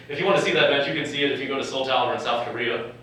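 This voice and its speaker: A young medical educator and physician from California, medium-pitched with a sharp tone, jokes and chuckles his way through a live talk to medical students. The lecture-hall recording is made from far off.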